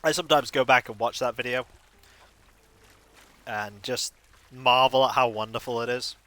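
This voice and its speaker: A male streamer chatting over his gameplay, drifting into silly tangents and poking fun at himself. His voice sits at an ordinary middle pitch with a bright, forward edge. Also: steady tone, moderate pace. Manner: rambling, jokey, self-mocking asides. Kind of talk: casual gaming stream commentary.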